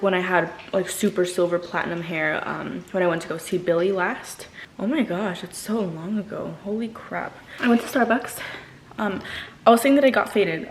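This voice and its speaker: A woman's voice: medium pitch, slight background noise, rough recording. A young woman in her twenties chatting casually to her vlog audience, rambling with lots of fillers. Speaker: vlogger.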